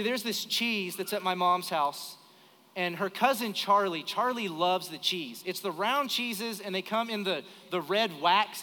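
Bright-voiced man preaching in a reverberant church. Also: high voice. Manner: storytelling, animated, acts out dialogue. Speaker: pastor. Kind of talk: sermon. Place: church sanctuary during live service. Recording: live church hall with reverb.

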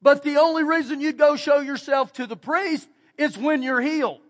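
A man with a Texan accent preaching a sermon as pastor, repeating key phrases and swinging between soft and loud delivery. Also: extremely high pitch, fairly even intonation, normal speed. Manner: preaching with emphatic repetition and shifts between loud and quiet. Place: church sanctuary. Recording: church hall with long reverb.

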